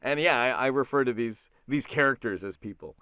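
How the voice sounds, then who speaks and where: A man's voice: medium pitch, a little fast, sharp tone, smooth, dry recording, clean studio sound. A middle-aged man, a voice actor, talking earnestly and gratefully in a casual interview, with frequent fillers. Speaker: voice actor guest.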